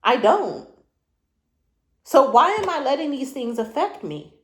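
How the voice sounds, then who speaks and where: Higher-voiced woman in an echoey room. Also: big pitch swings, a little slow. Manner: reflective, conversational, circles back with rhetorical questions. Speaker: spiritual reader. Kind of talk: spiritual reading monologue.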